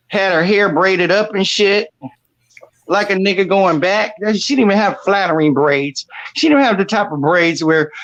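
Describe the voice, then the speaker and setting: A man's voice: high-pitched, fairly bright tone, no echo, muffled recording. A man hosting an online roast, ranting and mocking a rival with heavy cursing. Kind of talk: profane roast rant.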